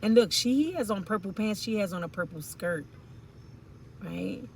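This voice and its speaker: A woman's voice: medium pitch, animated, normal speed, gravelly, a little hiss or hum. A woman giving an intuitive tarot reading, musing aloud in informal slang with rambling asides and fillers. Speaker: tarot reader.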